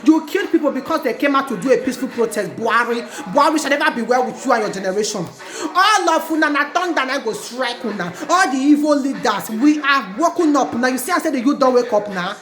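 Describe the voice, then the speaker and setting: A Nigerian woman based in Italy rants furiously in her protest vlog, chanting slogans again and again. Her high, expressive voice is fast and slightly bright. The room echoes, and music plays in the background.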